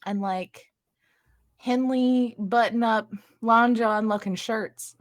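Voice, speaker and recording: A woman's voice: a little high, steady tone, slow. A woman running a tabletop game as game master, narrating casually and laughing often.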